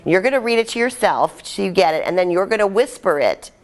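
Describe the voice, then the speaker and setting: A woman's voice: medium pitch, lively intonation, quick pace. Woman, workshop trainer, chatty, upbeat, giving directions to a group. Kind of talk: live workshop instruction.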